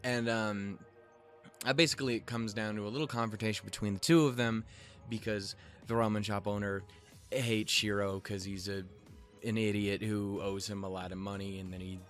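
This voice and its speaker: A man's voice: on the low side, fairly even intonation, a little fast, faint music behind. A man giving a casual episode recap with rambling, restarting sentences and offhand swearing. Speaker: show reviewer.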